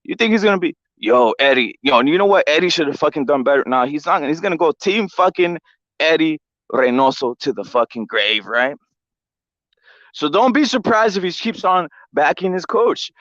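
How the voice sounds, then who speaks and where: A man hosting a sports commentary show, talking in a loose, profane rant that repeats itself for emphasis. His voice sits a little high for a man. The recording sounds dull and dry. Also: moderate pace, no echo. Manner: profane, animated, repetitive. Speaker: show host.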